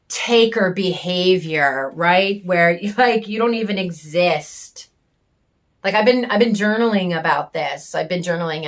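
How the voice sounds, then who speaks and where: A homesteading vlogger, a woman, giving a raw personal reflection to camera, candid and heated, swearing often and pausing as she searches for words. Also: fairly low pitch, a bit bright, a little hiss or hum. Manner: bitter and angry.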